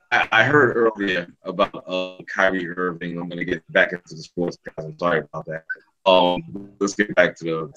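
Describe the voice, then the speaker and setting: Deep-voiced man hosting a podcast. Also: sharp tone, lo-fi sound. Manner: emotional, swearing, many fillers. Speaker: podcast host. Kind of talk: casual podcast discussion.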